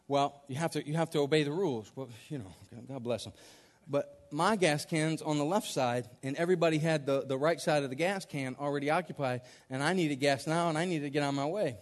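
A man's voice: a little high, a little fast, few pauses. A man preaching a sermon as a story, acting out his own reactions and laughing along the way. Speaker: pastor. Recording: long reverb of a large hall.

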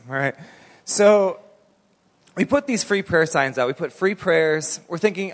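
A fairly high-voiced man preaches in an animated, storytelling way, full of casual "like"s. His voice carries with a long reverb through a large church hall. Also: normal speed. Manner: animated storytelling, colloquial with many "like"s. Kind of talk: sermon.

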